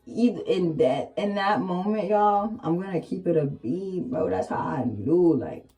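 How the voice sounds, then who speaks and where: A young woman vlogger chatting candidly in a casual storytime, heavy with slang and fillers, sometimes rising to excited exclamations. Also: lowish voice, measured pace.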